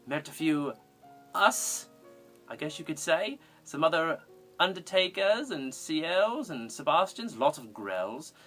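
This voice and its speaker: A cosplayer voicing an eccentric old-fashioned English undertaker, fond and chuckling. The voice swoops up and down in a lively, sing-song way, with light music faintly behind it. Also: measured pace. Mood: whimsical. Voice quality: theatrical, sing-song delivery with big pitch swings. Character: eccentric giggling retired male undertaker, English. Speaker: fan cosplay answering viewer questions. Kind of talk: in-character fan parody video.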